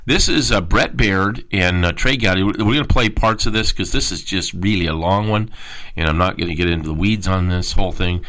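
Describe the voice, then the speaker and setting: A man's voice: deep voice, a little fast, poor audio. A man hosting a political commentary show, emphatic and heated, pushing his voice hard when worked up. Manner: emphatic, rising to near-shouts when worked up. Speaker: talk show host.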